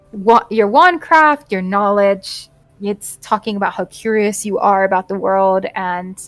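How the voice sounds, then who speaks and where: Slow-talking woman game master. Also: mid-range voice, dry recording, rough recording. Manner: laughing, casual, with many fillers. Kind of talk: narrating a tabletop game.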